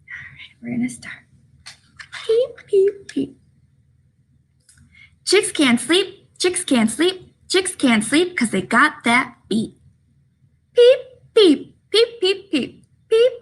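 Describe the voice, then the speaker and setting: A young woman leads a children's story time, reading in a sing-song voice and doing animal noises. Her voice is high and bright, swinging widely in pitch, and she takes her time. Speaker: children's librarian. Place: library room.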